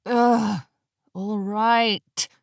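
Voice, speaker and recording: A woman doing a shrill haughty young queen. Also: steady tone, drawn-out words, vocal fry, no echo, studio quality. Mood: sneering. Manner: shrill, snappish, sneering. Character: haughty young deposed queen, proud and scornful. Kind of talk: audiobook character voice.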